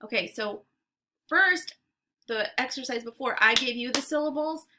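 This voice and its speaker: A woman teacher leading a phonics lesson for young children, patient and deliberate, stretching out sounds and syllables. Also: high-pitched, sharp tone.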